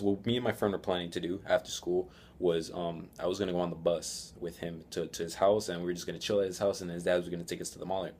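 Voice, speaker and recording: A man's voice: sits low, a little mellow, breathy edge. A teenage boy telling a story in a casual vlog, rambling and profane, often laughing. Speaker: vlogger.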